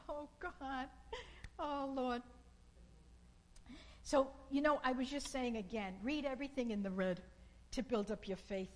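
A woman giving an informal sermon in a slow, earnest and repetitive way, with bursts of emphasis. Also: sits high, a little hiss or hum, poor audio.

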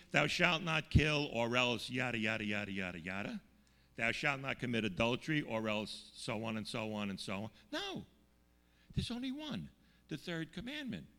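A man preaching a sermon, his voice gravelly and bright as it rises and falls with lively swings. He slows right down to hammer home key words and keeps asking his listeners whether they follow. The sound carries a long reverb, like a large hall. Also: mid-range voice. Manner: emphatic, slows down to stress words, asks the audience questions.

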